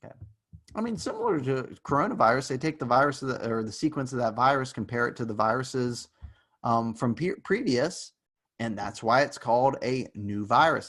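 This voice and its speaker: A man teaching a university class over a video call, talking loosely with fillers and little jokes. His voice sits at an ordinary middle pitch and he drifts into quick asides. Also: a bit bright. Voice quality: casual, joking, rambling with fillers. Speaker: university lecturer. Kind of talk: online lecture.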